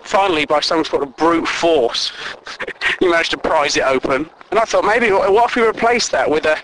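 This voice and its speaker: A man's voice: on the high side, moderate pace, a bit bright, slight background noise, rough recording. A man rambling through a sweary comic monologue and chuckling at his own jokes.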